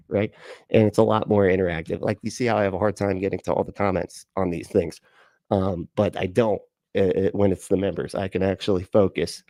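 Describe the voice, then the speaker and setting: Gravelly, sarcastic livestream host man. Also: fairly low pitch, mellow, dry recording, clean studio sound. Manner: mocking, sarcastic, swears and laughs often. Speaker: livestream host reacting to a video. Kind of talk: casual livestream commentary.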